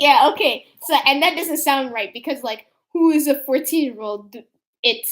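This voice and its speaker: A woman chatting casually with her sister, telling embarrassing stories in an animated way and acting out the quotes. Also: sits high, normal speed. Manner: animated storytelling with acted quotes. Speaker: youtuber. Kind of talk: casual chat.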